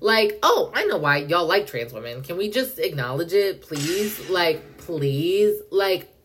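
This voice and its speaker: Young female podcast host, low-pitched, fast and profane rant with sudden high jumps. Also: big pitch swings, fairly bright tone, slightly rough. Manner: fast, profane, heavy use of "like", indignant; pitch jumps up when worked up. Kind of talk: casual monologue rant.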